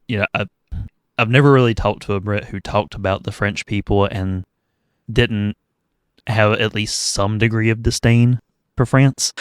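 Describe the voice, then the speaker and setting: A man's voice: on the low side, clear, resonant tone, no echo. A man co-hosting a podcast, chatting casually about a movie with wry, analytical humor. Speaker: podcast co-host. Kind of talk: casual movie review chat.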